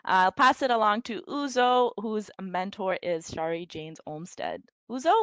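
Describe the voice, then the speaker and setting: A woman moderating a ceremony on a video call, friendly and brisk as she hands off to speakers. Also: mid-range voice, a bit bright, clear, resonant tone, no room sound. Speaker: event moderator. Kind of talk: hosting a ceremony.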